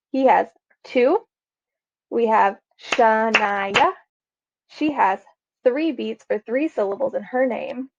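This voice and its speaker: A woman teacher giving a class lesson on video, speaking slowly and patiently and sounding out words beat by beat. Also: fairly high pitch, creaky, muffled recording, background noise.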